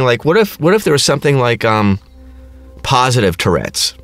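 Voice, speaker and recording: A man's voice: mid-range voice, big pitch swings, moderate pace, fairly bright tone, faint music behind. A middle-aged man hosting his own podcast, ranting casually in a crass, sarcastic, rambling way. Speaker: podcast host. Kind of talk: casual comedic rant.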